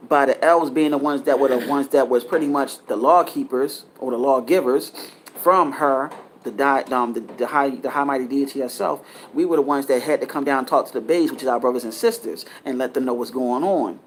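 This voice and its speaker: A man's voice: medium pitch, brisk, a little hiss or hum. A man giving a casual spiritual talk, earnest and lecturing, rambling and often restarting his sentences. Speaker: spiritual teacher.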